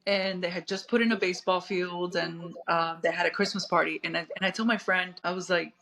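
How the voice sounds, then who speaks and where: A woman from Puerto Rico in her thirties recounts her story as an interview guest, her voice bright and edged with gravelly fry. She rambles, circling back through restarts and fillers as she talks. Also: lowish voice, fairly even intonation, fairly quick, poor audio.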